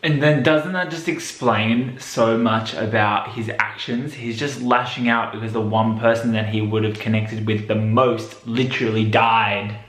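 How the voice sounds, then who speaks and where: A man giving casual rewatch commentary on a series, chatty and given to excited outbursts. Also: unhurried, few pauses. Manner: chatty, breaks into excited high outbursts and laughs. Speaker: show reviewer. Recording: echoey room with faint noise.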